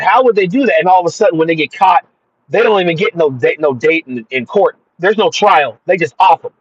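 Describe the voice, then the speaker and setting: A man's voice: on the high side, breathy edge, no echo. A man giving an emphatic, repetitive religious monologue about spirits. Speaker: spiritual commentator. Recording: dull dry lo-fi sound.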